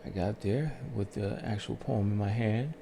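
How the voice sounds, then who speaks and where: A man calmly telling his life story on his own channel, in a soothing, unhurried way with pauses. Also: on the low side, vocal fry, slight background noise. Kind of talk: slow reflective storytelling.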